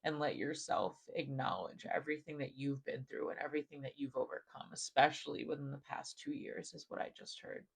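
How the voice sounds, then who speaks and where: A man giving a channeled spiritual message straight to the viewer, gentle and affirming, repeating phrases and using many "like" fillers, often dropping to a soft hush. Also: medium pitch, little pitch movement, brisk, creaky, hardly any pauses, husky, low-quality recording.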